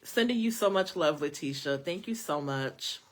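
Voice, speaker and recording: Woman tarot reader, live stream; low voice, very animated pitch, chatty. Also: normal speed. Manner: chatty, animated, lots of fillers, speaks to viewers as y'all. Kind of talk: casual live-stream reading.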